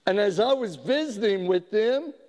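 A man preaching a sermon as a pastor, telling a story slowly with frequent halting restarts. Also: high voice, animated, a little mellow. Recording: long hall reverb.

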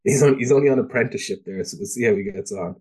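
A man co-hosting a podcast, talking in a relaxed, hesitant way with fillers. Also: fairly low pitch, very fast, husky. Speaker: podcast co-host. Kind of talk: casual chat.

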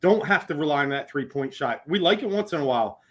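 A man's voice: a little high, expressive, quick pace, fairly bright tone. A man co-hosting a sports podcast, breaking down play earnestly with a few fillers. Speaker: podcast co-host. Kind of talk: casual sports talk.

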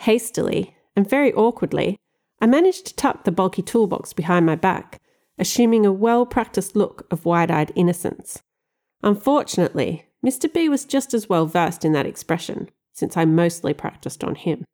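A woman narrating a first-person audiobook in a wry, expressive storytelling manner. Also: mid-range voice, normal speed.

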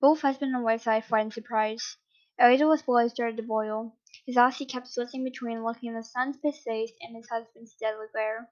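A woman reading a story aloud at a steady pace, sometimes correcting herself. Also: fairly high pitch, moderate pace, dull audio. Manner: steady with occasional self-corrections. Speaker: reader. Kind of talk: reading fan fiction aloud.

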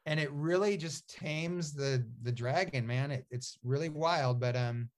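A man's voice: fairly high pitch, unhurried. A man, an author and guest in a casual interview, talks in a rambling, storytelling way with many fillers and restarts.

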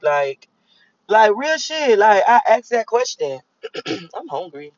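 A man's voice: high-pitched, sing-song, takes it slowly, long pauses, no echo, lo-fi sound. A young man in a car, rambling and cursing as he reflects on his morning. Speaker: vlogger. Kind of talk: casual morning monologue while driving.

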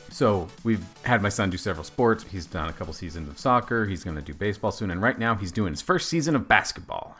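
A man's voice: fairly low pitch, vocal fry. A man and father on a casual comedy podcast, telling family stories with dry jokes. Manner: animated storytelling, dry jokes.

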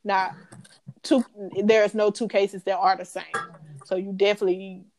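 A young adult woman co-hosting a casual podcast chat, talking to listeners as "y'all" and often breaking into loud, high laughter. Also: little pitch movement, moderate pace. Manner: casual Southern-style slang, addresses listeners as y'all. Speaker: podcast co-host.

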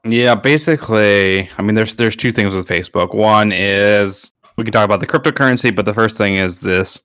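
At normal speed, a man with a fairly low, clean and slightly bright voice talks in clean studio sound without room sound. As a podcast co-host, he chats casually, rambling and leaning on filler words.

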